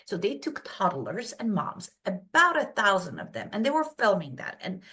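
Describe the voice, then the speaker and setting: A woman from Poland, a brain health coach, telling stories as a podcast guest and acting out quoted voices. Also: normal speed. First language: Polish. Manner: animated storytelling, acts out quotes in high voices. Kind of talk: casual podcast interview.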